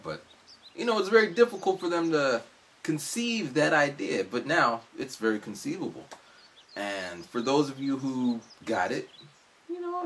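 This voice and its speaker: A man in his forties talks casually to camera in a vlog. His pitch is very lively and rises and falls freely. He rambles from one story to the next and acts out the people he quotes. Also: a little hiss or hum. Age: 40s. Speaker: vlogger.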